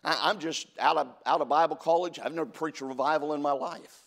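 A middle-aged pastor from California delivers a sermon, telling stories full of stammered restarts and reading scripture with a rising preaching cadence. His voice is fairly high, a little fast, gravelly and a bit bright, with fairly even intonation.

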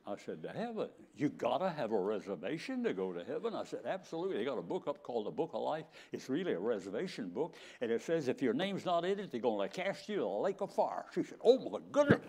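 Brief: older male preacher, folksy storyteller, animated voice, quoted dialogue acted out. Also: mid-range voice, quick pace, hardly any pauses, husky. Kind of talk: sermon storytelling.

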